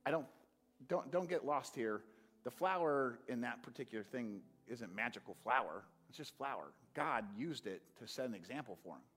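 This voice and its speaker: A man preaching a sermon, animated, swinging from loud calls to quiet, earnest talk. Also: mid-range voice, moderate pace, slightly rough. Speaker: pastor.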